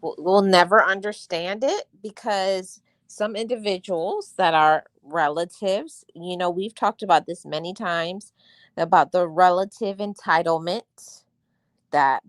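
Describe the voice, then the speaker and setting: A woman's voice: fairly low pitch, unhurried, no room sound, clean studio sound. A woman hosting a casual chat, backing up her guest with affirming remarks. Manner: supportive, affirming interjections. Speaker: host.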